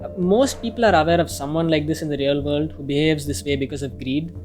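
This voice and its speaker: A man's voice: on the high side, fast, a little mellow. Man narrating an opinionated film review. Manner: casual, opinionated, with mild swearing. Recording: music playing faintly behind.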